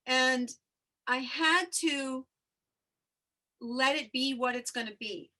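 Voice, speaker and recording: A woman with a high, bright voice hosts a relaxed spiritual chat. She tells a personal story in an animated way, open about her feelings and letting the emotion come through. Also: takes it slowly. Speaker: host.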